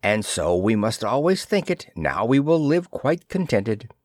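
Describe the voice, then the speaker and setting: A man's voice: mid-range voice, big pitch swings, unhurried, no echo, studio quality. A man reading aloud, voicing a timid poor fisherman who pleads and hesitates. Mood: reluctant.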